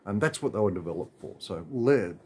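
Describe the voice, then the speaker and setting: A man's voice: on the low side, animated, a little fast, dark tone. A man with an Australian accent, ranting in a rambling, exasperated way with lots of filler and restarts. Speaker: vlogger. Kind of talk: casual ranting monologue.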